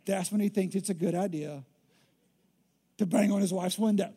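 Chatty preacher, jokes a lot, mellow warm voice, middle pitch. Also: moderate pace, husky. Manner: joking, conversational, animated. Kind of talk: sermon.

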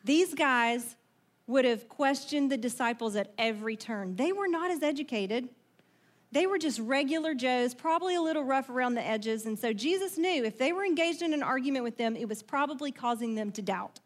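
A woman pastor preaching a sermon in a conversational, animated way, asking her listeners questions and acting out voices from the story. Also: high-pitched, moderate pace. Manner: acts out quoted voices in the story.

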